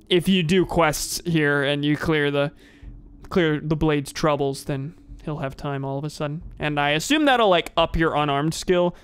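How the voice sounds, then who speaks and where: A man's voice: on the high side, moderate pace, clean tone. A young man casually commenting on a game he is streaming, wry and a bit rambling. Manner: wry, rambling, self-corrects.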